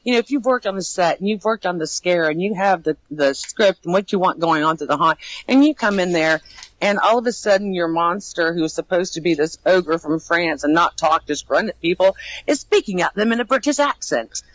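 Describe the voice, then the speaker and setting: Laughing, animated woman haunt manager. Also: on the low side, fairly quick, rough recording. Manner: animated, laughs often, frequent restarts. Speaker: haunted attraction cast manager and actor trainer. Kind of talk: casual interview.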